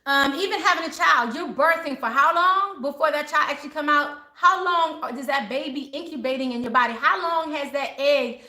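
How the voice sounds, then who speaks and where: A woman's voice: high voice, moderate pace, hardly any pauses, bright, forceful tone, roomy sound, poor audio. A woman hosting a live spiritual chat, talking casually and passionately in a preachy way, often laughing. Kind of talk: casual live-stream talk.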